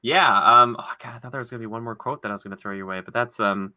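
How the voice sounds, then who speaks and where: A young man hosting a podcast, chatting casually and running a movie quote quiz, animated and quick to laugh as he acts out lines. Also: medium pitch. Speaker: podcast host.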